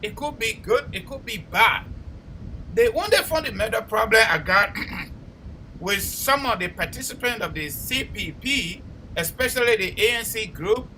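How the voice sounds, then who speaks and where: A man with a Liberian accent hosting a call-in talk show, speaking forcefully and combatively, often repeating words as he presses his point. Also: high-pitched, animated, moderate pace, a little hiss or hum, rough recording.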